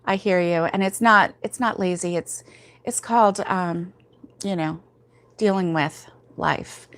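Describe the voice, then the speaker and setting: A woman's voice: fairly low pitch, a little slow, fairly bright tone. A woman hosting a casual crochet livestream, rambling and laughing as she answers viewers' comments, sleepy and yawning, talking from home. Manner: chatty and rambling, many fillers, laughs often.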